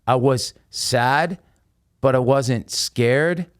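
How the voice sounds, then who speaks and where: Male podcast guest, mid-pitched, animated storyteller, dry close sound. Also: very slow, clear, resonant tone, dry recording. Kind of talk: casual storytelling.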